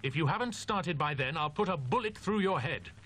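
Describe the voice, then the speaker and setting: A man's voice: a little high, expressive, fairly bright tone. A man as a grim, determined student. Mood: threatening. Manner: grim, firm, deliberate. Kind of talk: audiobook drama acting.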